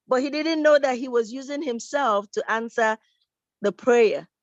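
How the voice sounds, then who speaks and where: Higher-voiced woman telling a children's story. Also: dry recording. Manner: lively, expressive storytelling. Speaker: children's story teller at church. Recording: dull, dry recording.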